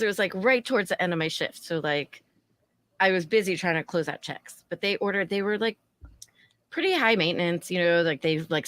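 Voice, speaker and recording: A podcast co-host tells a story in casual, chatty fashion. She's animated, acting out the people she quotes with big jumps in pitch.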